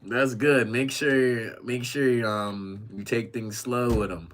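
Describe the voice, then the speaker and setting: A man's voice: medium pitch, steady tone, slow, a bit bright, a little hiss or hum. A young man streaming from a rented apartment, reading chat messages aloud and reacting casually, with frequent swearing.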